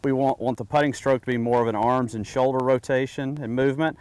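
A man's voice: mid-range voice, fairly even intonation, fast, darkish tone. A man giving a golf putting lesson outdoors, patiently coaching step by step. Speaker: golf instructor.

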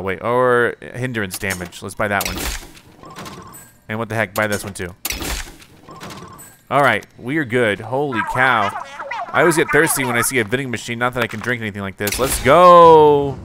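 A man giving let's-play commentary on his own game, yelping and exclaiming when things go wrong. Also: mid-range voice. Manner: reacts loudly, yelps and exclaims under pressure. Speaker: gaming video host. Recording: music playing behind the voice.

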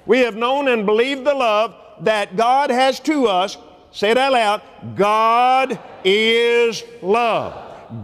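A man preaching a sermon at a convention, folksy and animated, sometimes shouting and leading the crowd in repeating lines. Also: very high-pitched. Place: large convention hall. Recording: long hall reverb.

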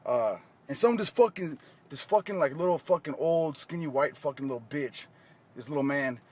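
A man filming himself in a profane, angry rant, shouting and repeating himself. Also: fairly high pitch, animated, normal speed. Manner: shouting, swearing constantly, repetitive. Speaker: vlogger filmed ranting.

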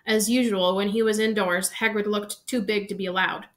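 A woman reading a novel aloud in steady storytelling narration. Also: medium pitch, moderate pace. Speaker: reader.

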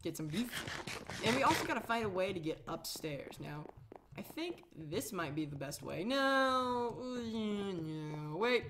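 A chatty woman commentates her own gameplay in a loose, rambling way, often poking fun at herself. Her voice sits at an ordinary middle pitch. A faint hiss of noise sits behind her. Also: big pitch swings, unhurried. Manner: chatty, rambling, self-mocking. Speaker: Minecraft let's-play host.

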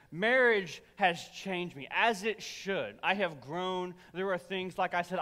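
A young adult man preaching a sermon, telling a funny personal story in an animated, self-deprecating way. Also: sits high. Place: church sanctuary. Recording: reverberant church hall.

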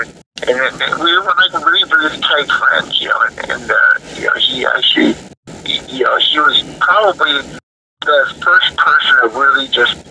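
A man's voice: on the high side, animated, normal speed, sharp tone, recorded from a distance, slight background noise, low-quality recording. A man in a casual interview, talking about his band in a rambling way, full of fillers and restarts. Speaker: guest musician, death metal vocalist.

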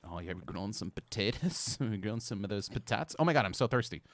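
A man casually bantering while playing a co-op game, joking and laughing often, swinging from mumbles to loud outbursts. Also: fairly low pitch, animated, quick pace, no echo. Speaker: co-op game streamer.

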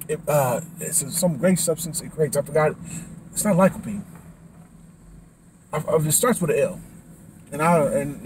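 Casual male vlogger, out of breath, animated and slangy, mellow tone, light traffic hum. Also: on the high side, poor audio. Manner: animated, slangy, trailing restarts. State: winded after boxing class. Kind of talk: casual vlog talk.

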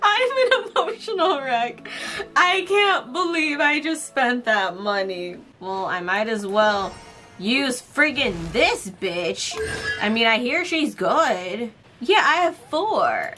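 Dramatic high-voiced woman reacting. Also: sing-song, slow pace, bright, forceful tone. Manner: dramatic, pleading, swearing, melodramatic. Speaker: gaming streamer. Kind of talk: emotional casual reaction vlog. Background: game music.

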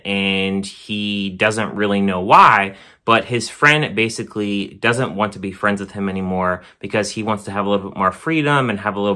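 A man's voice: fairly low pitch, bright, forceful tone. A man hosting his own channel, giving a casual spoken movie review in a conversational, plain-spoken way, leaning often on words like "really" and "basically".

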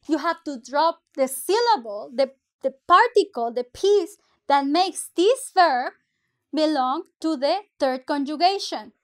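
High-voiced, slow-talking teacher woman. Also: fairly bright tone. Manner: patient, explains step by step, mixes English and Spanish. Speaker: Spanish teacher. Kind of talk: language lesson.

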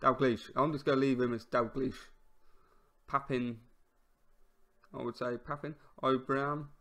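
Excitable man narrating a football game. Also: mid-range voice, measured pace. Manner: excitable, shouting at near misses and goals, mumbling over menus; wry, self-mocking, stumbles over player names. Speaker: gamer commenting on his own play. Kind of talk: casual let's-play commentary.

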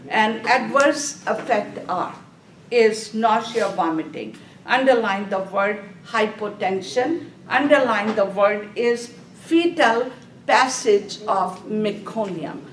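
In a medium-pitched voice, a woman teaches nursing students, asking and answering her own questions and going back over key terms. The mic sits far off in an echoey room, with a little hiss or hum.

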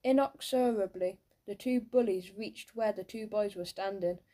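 A woman narrating a children's audiobook in a lively storytelling manner, giving each character a voice. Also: medium pitch, moderate pace.

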